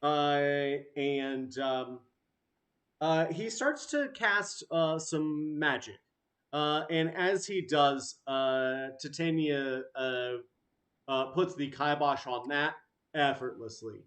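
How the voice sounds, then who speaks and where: A man narrating a tabletop game as game master, halting, with many fillers. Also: fairly high pitch, a bit bright.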